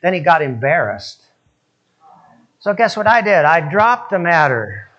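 A man's voice: fairly high pitch, very animated, a little slow, a bit bright, dull audio. A male preacher giving a sermon, telling stories and asking his listeners questions. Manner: storytelling, acts out quoted voices, asks audience questions.

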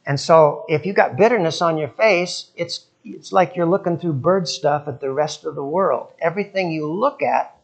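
Older male preacher, hushed to emphatic. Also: on the high side, moderate pace, gravelly, hardly any pauses. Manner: storytelling preacher, swings from hushed prayer to loud emphasis. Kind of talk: sermon.

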